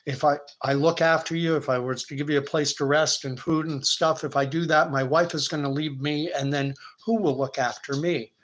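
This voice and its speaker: A man's voice: on the high side, steady tone, moderate pace, few pauses, a bit bright, natural voice. A man voicing a flustered village husband caught between his wife and his guests. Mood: apologetic.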